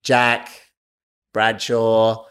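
A man's voice: lowish voice, monotone, drawn-out words, a bit bright, smooth. A man telling a fight story in a casual chat, swearing and laughing often. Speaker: guest, martial arts fighter.

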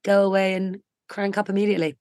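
A woman's voice: medium pitch, little pitch movement, quick pace, a little mellow, dry recording. A woman host with a medium voice leads a casual interview. She sounds polite and upbeat. The sound is dry and close.

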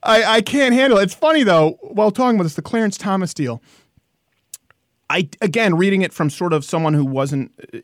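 A young man hosting a casual podcast, jokey and animated, laughing often. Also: sits high, brisk, dry recording, studio quality. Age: young adult. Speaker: podcast host.

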